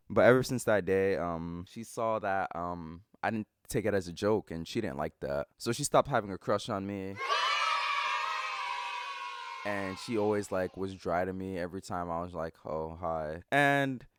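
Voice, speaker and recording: A man telling a funny personal story in a storytime vlog, animated and exaggerated, swearing often. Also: deep voice, normal speed, very noisy. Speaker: vlogger.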